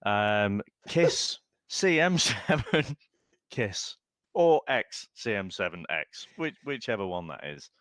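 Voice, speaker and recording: A man co-hosting a podcast, chatting casually with a lively manner and easy laughs. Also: fairly low pitch, slow, no room sound, studio quality. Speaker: podcast co-host.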